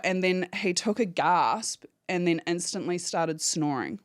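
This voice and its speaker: A woman's voice: lowish voice, lively intonation, a little slow, no room sound, studio quality. A woman, a podcast guest giving a candid, emotional personal account and swearing freely. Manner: candid, swears freely, acts out phone calls in quotes.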